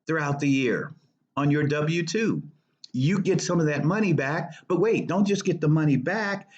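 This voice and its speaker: Emphatic man giving money tips. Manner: emphatic, repeats key points, lively swings between high stresses and low asides. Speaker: personal finance show host. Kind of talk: casual direct-to-viewer advice talk. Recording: dull lo-fi recording.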